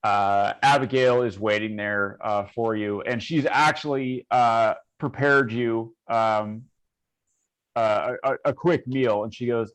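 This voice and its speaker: A man acting as game master, narrating a tabletop game in a slow, filler-heavy way, often pausing with "uh". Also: mid-range voice, steady tone, fairly bright tone, smooth, poor audio.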